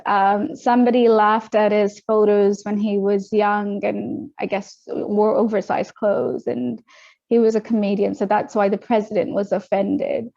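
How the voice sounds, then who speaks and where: A young adult woman from Australia, a guest telling her story in a casual interview, animated and quick, acting out what others said. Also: mid-range voice, vocal fry. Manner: animated, quick retelling with acted-out quotes. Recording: dull lo-fi audio.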